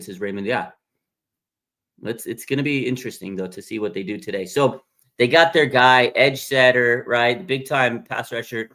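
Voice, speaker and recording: A man hosting a casual sports livestream, rambling excitedly and reading viewer comments aloud. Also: mid-range voice. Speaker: sports podcast host.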